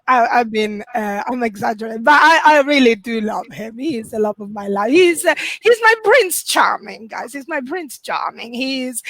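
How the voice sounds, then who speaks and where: A woman's voice: high voice, a bit bright, dry recording. A woman in her forties with an Italian accent, doing a chatty, self-mocking stand-up set over a video call from home and laughing through her lines. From Italy. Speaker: stand-up comedian.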